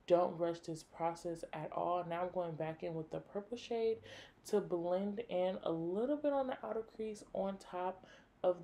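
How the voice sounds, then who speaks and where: Hosting a makeup tutorial, a young woman addresses viewers directly, casual and full of enthusiasm, throwing in plenty of "like" and an occasional swear word. Her lowish voice is mellow, and the recording has a little hiss or hum.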